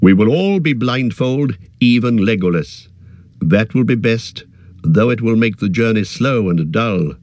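A man's voice: on the low side, animated, a little slow, a little mellow, no room sound. Man voicing a firm, commanding ranger leader. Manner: firm, authoritative.

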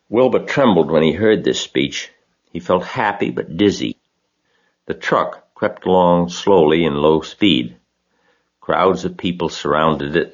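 Deep-voiced male storybook narrator. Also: highs cut off. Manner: steady, expressive reading.

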